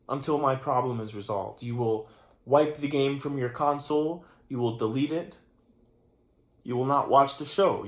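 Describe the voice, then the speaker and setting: A young man talks to his camera late at night, half-awake and rambling. His mock-serious rant keeps losing its thread and restarting. His voice sits at an ordinary pitch, and the room gives it a noticeable echo. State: sleepy and tired late at night. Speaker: channel host. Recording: roomy echo.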